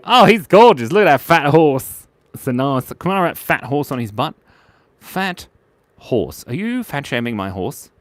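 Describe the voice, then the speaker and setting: With a medium-pitched voice and no room sound, a man hosts a kids' live drawing stream. As he draws, his casual commentary stays playful, silly and chatty, with giggles and little voices mixed in.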